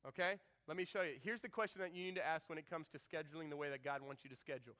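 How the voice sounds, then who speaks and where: A man in his thirties preaching a sermon as pastor, animated and joking, acting out quoted lines in shifting voices. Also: on the high side, rapid-fire.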